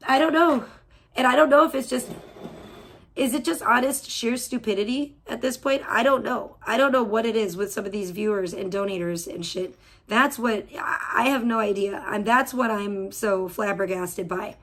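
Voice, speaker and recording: A woman's voice: medium pitch, fairly even intonation, moderate pace, fairly bright tone. A woman hosting an audio-only livestream from home, ranting in a heated, profane, rambling way with lots of restarts. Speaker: livestream host.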